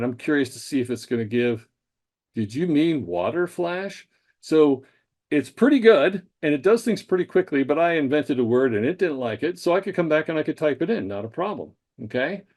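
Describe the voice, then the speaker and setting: A man leading a live software training session, explaining tools in a casual, chatty way with frequent fillers. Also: on the high side. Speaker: staff trainer.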